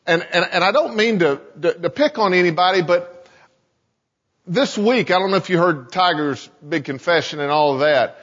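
A man's voice: sits high, normal speed, a bit bright. A male pastor giving a sermon in a church sanctuary, talking conversationally and often repeating words as he starts sentences. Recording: echoey hall, dull sound.

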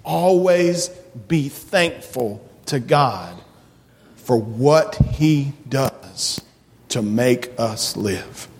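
Animated man leading a children's sermon. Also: mid-range voice, drawn-out words, long reverb tail. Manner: animated, playful questions to children. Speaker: children's message leader at church. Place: church sanctuary.

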